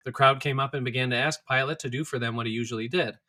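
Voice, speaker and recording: A man reading scripture aloud in a steady, clear manner. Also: medium pitch, fast talker. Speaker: scripture reader.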